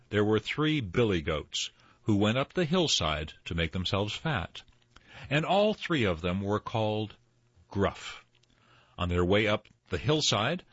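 An older man reads a storybook aloud, slow and expressive, his very deep, husky voice rising and falling widely. The sound is dry and a little dull. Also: no room sound. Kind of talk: reading stories aloud. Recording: slightly dull dry recording.

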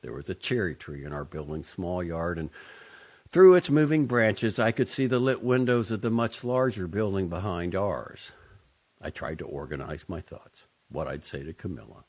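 A man narrating an audiobook in a measured, introspective, softly expressive manner. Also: low voice, slightly rough, dull audio.

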